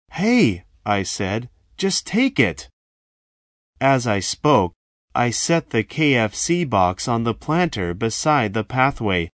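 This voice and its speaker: A man telling a first-person story in a slow, measured, dramatic way. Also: medium pitch, dry recording, clean studio sound.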